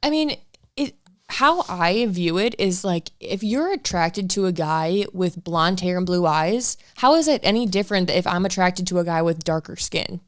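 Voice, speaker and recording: A young woman in her twenties chats frankly on a casual couple podcast, laughing easily between points. Her voice sits a little low for a woman and comes across smooth and clean. The sound is close and dry. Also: normal speed, no room sound. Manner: chatty, laughs often, frank. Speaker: podcast co-host.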